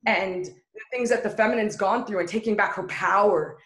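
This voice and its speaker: A woman speaks candidly as an interview guest, earnest and building her points through repeated phrases. Her voice sits at an ordinary middle pitch. The recording carries a noticeable room echo. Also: moderate pace, fairly bright tone. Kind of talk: candid personal storytelling. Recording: echoey room.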